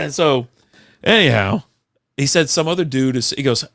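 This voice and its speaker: A man in his thirties chats casually on a podcast over beers. He rambles through profane office stories at a mid pitch. The sound is dry and close to the mic. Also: lively intonation, normal speed, creaky, fairly bright tone, no echo. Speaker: podcast host.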